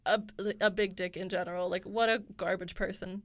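A woman's voice: medium pitch, fairly even intonation, fairly quick, no room sound, studio quality. A young woman co-hosting a candid chat, blunt and teasing, often laughing. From Canada. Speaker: podcast co-host.

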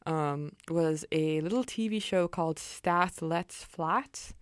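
A young woman co-hosts a college radio show, talking in a loose, rambling way full of "um" and "like". Her voice sits a little low and comes through smooth and clear. The studio mic gives a close, dry sound. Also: slow pace, no echo. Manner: chatty, rambling, many fillers. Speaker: campus radio co-host. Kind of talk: casual radio chat. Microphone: studio microphone.

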